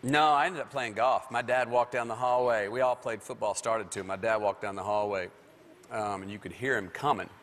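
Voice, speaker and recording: A man's voice: lowish voice, normal speed. Drawling man telling a story. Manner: drawling, animated storyteller who acts out other people's lines. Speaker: talk show guest. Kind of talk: late-night talk show storytelling. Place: television studio stage. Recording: studio hall reverb with faint noise.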